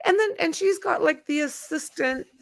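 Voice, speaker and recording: A woman's voice: high-pitched, normal speed, dry recording, clean studio sound. A middle-aged woman hosting a casual livestream chat, telling stories with lots of exclamations. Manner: animated storyteller, exclaims often. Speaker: host.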